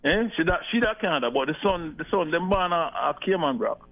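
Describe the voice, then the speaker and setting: A man's voice: on the high side, animated, a little fast, creaky, phone-quality sound. A man calling in, rambling in patois as he asks for help finding someone. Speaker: caller. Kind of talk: phone-in chat.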